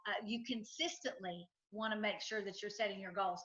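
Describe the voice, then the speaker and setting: A woman's voice: medium pitch, fairly even intonation, a little fast, a bit bright, highs cut off. A middle-aged woman, a guest in an interview, speaking emphatically and repeating her points for effect as she tells stories. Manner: emphatic, repetitive, storytelling with acted quotes. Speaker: guest, financial advisor and entrepreneur. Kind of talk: enthusiastic interview talk.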